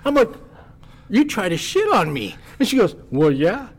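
Rowdy storyteller man, a touch high. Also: normal speed. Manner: animated, swearing, acts out voices of others in his story. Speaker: podcast guest. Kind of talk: casual storytelling.

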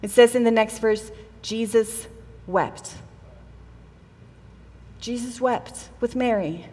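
A woman with a high voice preaches a sermon in a church hall, talking it through in a casual, conversational way. She acts out the quoted people in the story, and her voice rings with the long reverb of a large room. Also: slow, mellow. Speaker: pastor.

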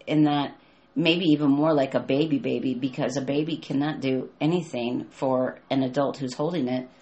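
A woman's voice: rumbling low, fairly even intonation, moderate pace, dull audio. An older woman, a grandmother, talking casually about prayer and her grandson, with many restarts. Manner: warm, rambling, restarts sentences. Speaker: co-host. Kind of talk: casual conversation about faith.

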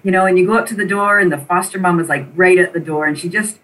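A middle-aged woman, an interview guest, telling a personal story in an animated, emotional way and repeating phrases for emphasis. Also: lowish voice, fast. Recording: voice a bit distant from the mic.

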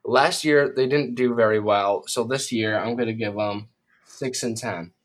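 A man's voice: mid-range voice, unhurried. A man co-hosting a casual football preview, loose and easily surprised, laughing often. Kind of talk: casual sports chat.

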